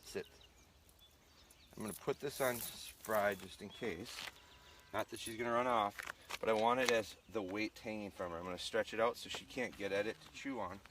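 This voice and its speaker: A fairly low-voiced man talks casually to viewers while working his dogs outdoors on a farm, breaking off for short, firm heel and sit commands. His phone or tripod camera picks up noticeable outdoor noise. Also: fairly even intonation, moderate pace. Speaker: dog trainer. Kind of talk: live outdoor training stream. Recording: noisy outdoor livestream.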